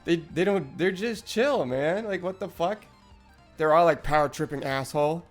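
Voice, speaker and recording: Young guy streaming, kinda high voice, rambles and swears a lot, faint music behind. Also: animated, measured pace. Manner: rambling, profane, trailing restarts. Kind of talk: casual live-stream chat.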